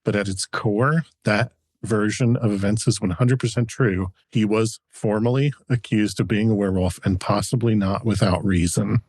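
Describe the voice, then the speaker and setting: A man's voice: lowish voice, fairly even intonation, moderate pace, few pauses, darkish tone, slightly rough, dry recording. A man co-hosting a podcast, telling a history story in a chatty, researched way with frequent chuckles. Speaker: podcast co-host.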